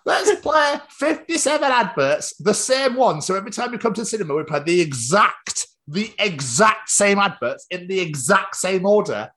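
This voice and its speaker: A man doing a shrill, flustered cinema manager. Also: sing-song, normal speed, hardly any pauses, pushed and bright, heavily acted. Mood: exasperated.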